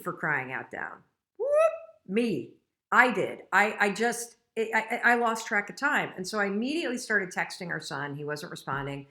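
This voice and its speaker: A woman's voice: fairly low pitch, pushed and bright. A middle-aged woman hosting a casual live stream, talking frankly and motivationally and getting emotional and choked up. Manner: emotional, gets choked up and tearful. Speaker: host.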